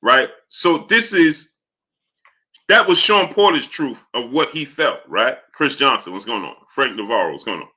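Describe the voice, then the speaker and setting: A man's voice: medium pitch, expressive, moderate pace, bright, forceful tone. A man hosting a casual live stream, talking through his point while he greets viewers by name from the chat.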